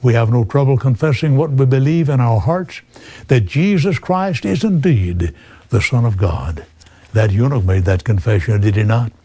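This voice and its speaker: An elderly man in his eighties delivers a slow, earnest sermon straight to the listener. His voice is mellow and a little husky, and the recording sounds dry and close. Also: mid-range voice, dry recording. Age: 80s. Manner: slow, earnest preaching, addressing the listener as friend. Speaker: preacher.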